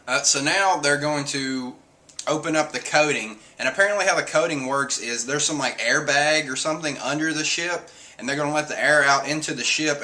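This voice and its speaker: A man streaming casual talk, animated, cursing now and then. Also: on the high side. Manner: animated, swears, acts out quotes. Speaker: streamer reviewing a comic chapter. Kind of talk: casual chat.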